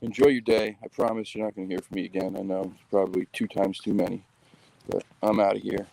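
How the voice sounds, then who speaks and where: A man's voice: lowish voice, little pitch movement, fast talker, creaky, dark tone, rough recording. A man hosting a show, chatting casually and upbeat into a phone while walking his dog outdoors in the rain. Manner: rambling, upbeat. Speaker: show host. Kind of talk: casual vlog chat.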